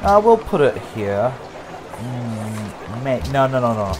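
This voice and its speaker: A man's voice: lowish voice, animated, moderate pace, darkish tone, faint music behind. A man giving casual, jokey gameplay commentary, rambling and talking straight to his viewers. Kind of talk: casual let's-play commentary.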